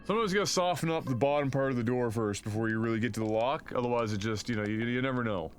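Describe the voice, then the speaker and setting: Over soft background music, a medium-pitched man talks rapid-fire while playing a co-op game on stream. He's profane and jokey, chatting loosely and reading the news out loud packed with fillers.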